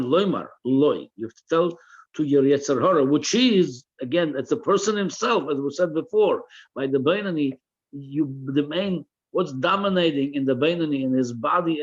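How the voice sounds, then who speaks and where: Heard on dull audio, this Torah teacher has a medium-pitched, slightly rough voice. He reads each phrase of the text aloud and translates it line by line, frequently repeating words as he hunts for the right rendering.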